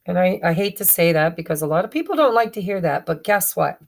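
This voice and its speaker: A woman's voice: fairly low pitch, animated, fast talker, gravelly. A woman giving a chatty tarot reading to her viewers, often stumbling and correcting herself as she goes. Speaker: tarot reader. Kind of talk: casual tarot reading to camera.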